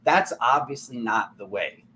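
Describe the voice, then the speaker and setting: A man hosting a tarot channel, giving a casual spiritual talk in a rambling, animated way full of restarts and fillers. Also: mid-range voice, a little slow, slight background noise.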